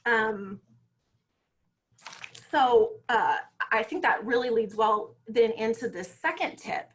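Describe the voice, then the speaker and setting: A woman speaking as a guest on parenting, telling stories in a lively, conversational way and often checking in with "right?" over a video call. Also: a little high, takes it slowly. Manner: lively storytelling, frequent "you know" and "right?". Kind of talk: conversational talk.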